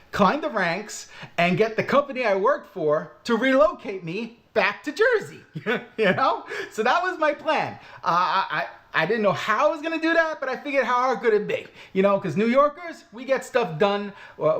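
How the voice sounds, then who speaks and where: Blunt Brooklyn-accented man, lively pitch. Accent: Brooklyn Italian-American New York. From Brooklyn, New York. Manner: blunt, self-mocking, swears casually. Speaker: channel host. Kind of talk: casual live-stream chat.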